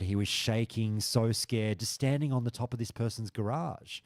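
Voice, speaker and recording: A stream host chats casually with his viewers, telling animated stories loaded with swearing. His medium-pitched voice holds a moderate pace with hardly any pauses, in a dry, studio-quality recording.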